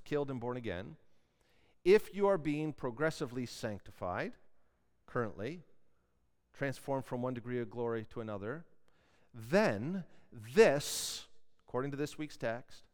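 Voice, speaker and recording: Male pastor preaching in an echoing hall. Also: on the high side. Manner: earnest, building emphasis on key words. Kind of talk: sermon. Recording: long hall reverb.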